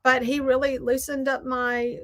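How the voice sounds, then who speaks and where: A Southern American woman hosting, chatting casually and rambling while she crafts, quick to poke fun at herself. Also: high voice, little pitch movement. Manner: chatty, rambling, self-deprecating. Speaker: host.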